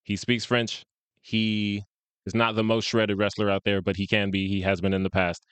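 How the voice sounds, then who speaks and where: Male podcast co-host, low and smooth, easygoing chatter, dry close mic. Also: level tone, normal speed, fairly bright tone, no echo. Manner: laid-back, chatty, laughs often. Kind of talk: casual fan-casting chat.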